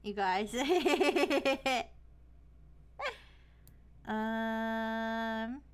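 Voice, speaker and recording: A woman's voice: on the high side, very slow, clean tone. A young woman streamer chatting casually, with a lot of "like" fillers. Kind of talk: casual chat.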